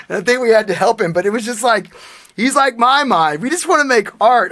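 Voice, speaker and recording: A man's voice: high-pitched, expressive, brisk, pushed and bright, dry recording. A man in his forties co-hosting a podcast, telling earnest, emotional stories in casual chat. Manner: earnest storytelling, emotional tribute. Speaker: podcast co-host.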